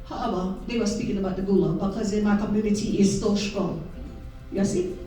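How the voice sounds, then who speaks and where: A woman's voice: mid-range voice, fairly even intonation, fairly quick, mellow, soft background music. A middle-aged woman with a Gullah accent, giving a folksy live talk to an audience and often asking "you see?". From South Carolina Lowcountry. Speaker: Gullah historian and interpreter. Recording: echoey room from far off.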